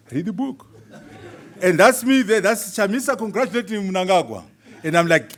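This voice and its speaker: Animated man speaking at a book launch. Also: sits high, moderate pace. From Zimbabwe. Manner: animated, chuckling asides to the audience. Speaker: author presenting his book. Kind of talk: lively speech at a book launch. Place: university hall at a launch event.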